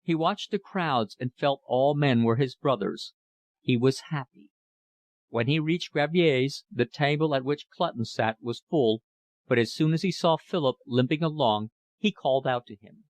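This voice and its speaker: Narrating a classic novel as an audiobook, this man keeps his storytelling calm and even. His pitch is medium, with no room sound at all.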